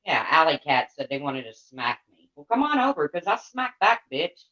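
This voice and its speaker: A woman's voice: low-pitched, big pitch swings, moderate pace, a bit bright. A woman livestreamer rants to her chat in a blunt, heated voice and swears freely. The sound is dull and lo-fi.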